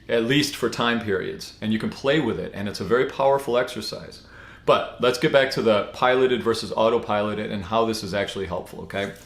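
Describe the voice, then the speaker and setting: A man giving a casual spoken teaching, relaxed and rambling, with many fillers and restarts. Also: on the low side, vocal fry. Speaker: spiritual teacher. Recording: echoey room.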